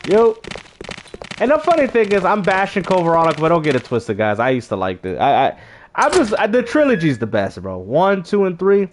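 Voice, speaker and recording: Animated, high-voiced man ranting casually. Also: a little fast, background noise. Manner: animated, slangy, repeats himself. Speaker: gaming channel host. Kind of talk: casual gaming commentary.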